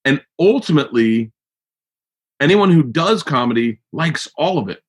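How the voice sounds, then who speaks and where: Husky and animated, with a voice on the high side, this American man hosts a podcast at normal speed. The talk is casual chat, rambling and profane, full of restarts.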